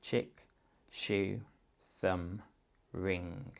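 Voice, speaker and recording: Slow, gravelly male teacher. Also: sits low, steady tone. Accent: English. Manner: patient, slow, step-by-step phonics modelling. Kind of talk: instructional guidance for parents.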